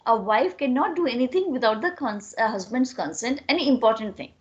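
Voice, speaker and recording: A woman's voice: a little high, expressive, fairly quick, highs cut off. A woman with an Indian English accent, a literature teacher, explaining a play to students in a digressive classroom style.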